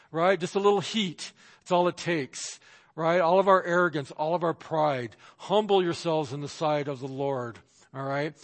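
A male pastor preaches with an emphatic, somewhat high voice, acting out the people and voices he quotes. His words ring out with a long reverb, as in a large church sanctuary. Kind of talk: sermon.

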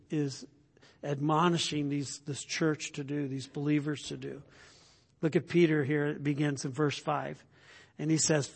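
A male pastor preaching a sermon in a conversational way. He often checks in with the congregation by asking "right?", stumbles over repeated words, and builds to loud emphatic points. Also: fairly high pitch. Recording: long hall reverb.

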